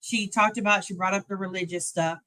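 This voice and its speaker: A woman streamer giving casual reaction commentary on a clip, animated, laughing and talking back to it. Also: medium pitch, brisk.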